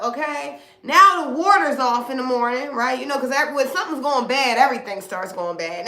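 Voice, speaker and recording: Woman, middle-aged, spiritual reader, blunt and preachy, bright tense voice, high-pitched. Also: animated, a little fast, hardly any pauses, roomy sound. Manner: blunt, preachy, uses slang and swears. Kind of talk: casual spiritual reading to viewers.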